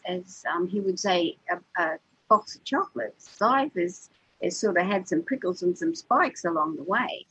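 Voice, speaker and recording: Older woman, very husky, earnest spiritual talk. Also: mid-range voice, a bit bright, rough recording. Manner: earnest, repeats words as she gathers her thoughts. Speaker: co-host of a spiritual radio show. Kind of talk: heartfelt spiritual chat.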